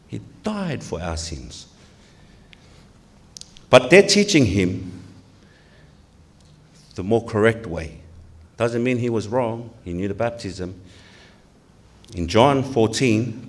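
Male pastor from Tonga, sermon, earnest, rhetorical questions, lowish voice, church.

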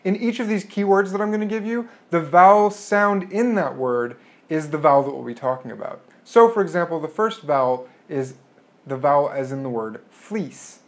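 A man's voice: fairly high pitch, animated. Man lecturing, modeling each vowel sound. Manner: clear and explanatory, modeling vowel sounds slowly. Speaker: linguistics lecturer. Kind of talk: recorded lecture.

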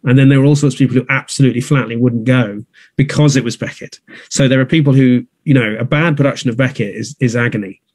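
A man in a conversational interview, speaking thoughtfully at a middle pitch. He often restarts his sentences and circles back to reach his point. The sound is dry and close. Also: fairly even intonation, fast talker, darkish tone, slightly rough, no room sound. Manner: thoughtful, many restarts and fillers. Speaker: theatre producer. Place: north of England.

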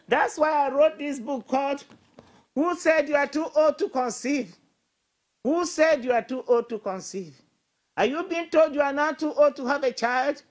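A middle-aged woman bishop preaching an emphatic sermon of encouragement, repeating declarations and building at times to shouts. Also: sits high. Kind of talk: exhortation sermon.

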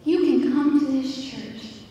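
A woman's voice: steady tone, slow, mellow, dull audio. A young woman preaching an earnest sermon that builds to fervent appeals, recorded in a church. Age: young adult. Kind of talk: sermon with storytelling. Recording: echoey hall from far off, faint rumble.

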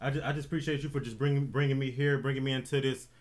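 A man's voice: mid-range voice, steady tone, very fast. A man co-hosting a reaction video with his wife, easygoing and laid-back, often saying you know what I'm saying. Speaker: co-host, host's husband. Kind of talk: casual reaction chat.

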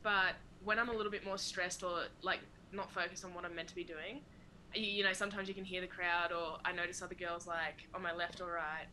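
A young Australian woman in a relaxed podcast interview, talking casually, swearing freely and laughing often. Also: on the low side, brisk, slight background noise, rough recording. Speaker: guest athlete.

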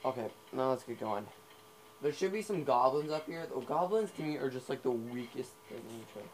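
Over a noisy home recording, a young male gamer chats through his video game at a fairly quick clip. His medium-pitched voice has lively intonation, and his rambling talk is full of filler words and side tangents that pull him off track.

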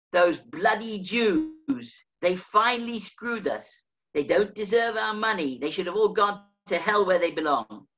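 An older man reads from his own memoir, unhurried and measured. His storytelling carries a wry edge. The recording sounds dull and lo-fi. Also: fairly high pitch, a bit bright. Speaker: author reading his memoir.

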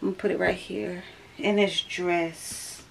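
A woman's voice: on the low side, fairly even intonation, a little slow, creaky, slight background noise. A young woman, chatting casually to her viewers at home, a little out of breath. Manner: chatty, keeps calling the viewers y'all. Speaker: vlogger. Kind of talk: casual vlog chat to viewers.

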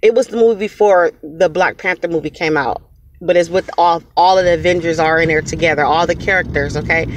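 A woman's voice: fairly low pitch, a little fast, a little hiss or hum. A woman giving an earnest motivational testimony, repeating phrases for emphasis. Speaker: speaker sharing her story.

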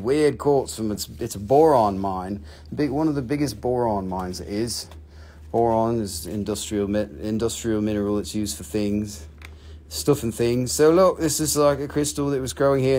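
A man hosts a live online rock and mineral sale from his shop, talking in a loose, rambling way. He jokes with viewers and swears freely, at an ordinary male pitch. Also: a little mellow. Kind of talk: casual live-stream selling chat.

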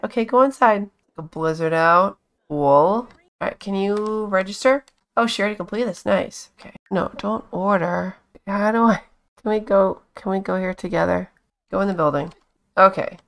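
A woman's voice: medium pitch, a little slow, gravelly, a bit bright. A woman hosting a casual let's-play, chatting along and coaxing her characters with pet names. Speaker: gaming channel host.

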